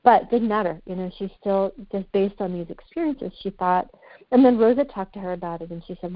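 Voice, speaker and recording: Fairly quick and medium in pitch, a woman reflects openly as a podcast guest, searching for what to say in relaxed conversation. The lo-fi recording is muffled and dry, with no echo.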